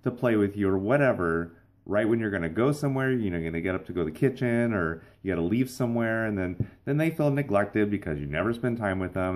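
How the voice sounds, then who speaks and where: Young male vlog host, playful and rambling, slightly low voice. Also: a little mellow. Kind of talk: casual vlog monologue.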